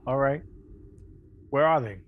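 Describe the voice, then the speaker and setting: A man's voice: medium pitch, unhurried, phone-quality sound. A man playing in a tabletop game, speaking bluntly and threatening a captive in character. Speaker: player. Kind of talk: casual tabletop game chat.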